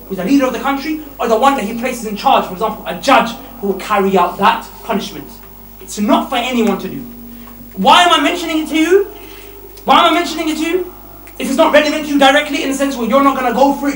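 A man preaching a lively sermon to young men, emphatic and animated, often laughing mid-sentence. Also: very high-pitched. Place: mosque hall. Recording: echoey hall, distant mic, faint hiss.

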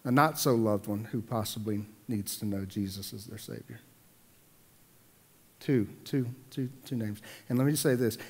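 A middle-aged pastor preaches with animated energy, doubling back on his words as he drives each point home. His voice carries a long hall reverb from the sanctuary around him. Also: medium pitch. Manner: animated, repeats words when building a point. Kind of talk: sermon.

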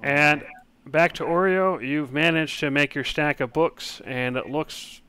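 A man's voice: fairly high pitch, steady tone, a little slow, bright, forceful tone, smooth. A man narrating a tabletop game as game master, hesitant and full of fillers, over online voice chat.

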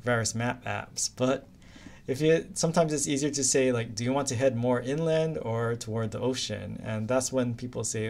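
A man's voice: medium pitch, moderate pace, vocal fry, a little mellow, slight background noise. A man from Hawaii, teaching an anatomy lecture in a casual, chatty way. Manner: casual, chatty, uses silly memory stories. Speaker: anatomy instructor. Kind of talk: recorded lecture.

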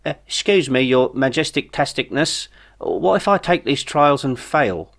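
A man's voice: mid-range voice, sing-song, a little slow, gravelly, a bit bright, voice pushed up, heavily acted. A man voicing a cheeky, hesitant young man in a spoken storybook.

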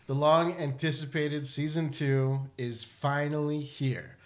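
A man's voice: on the high side, fairly even intonation, slow. A middle-aged man co-hosting a podcast, chatting casually and joking with his best friend. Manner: playful, joking banter. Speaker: podcast co-host. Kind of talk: casual chat between friends.

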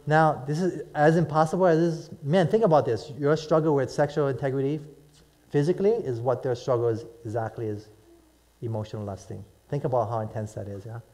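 A man's voice: mid-range voice, a little fast, mellow. A middle-aged male pastor preaching to a live congregation, telling stories animatedly and asking "right?" and "amen?" often. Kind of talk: sermon.

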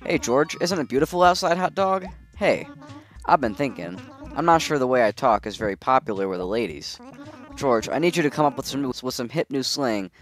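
A man's voice: mid-range voice, expressive, brisk, soft background music, natural voice. A man reading the lines of a brash, pumped-up male pig jock villager from a video game. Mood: hyped. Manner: hyped and brash, read from game text.

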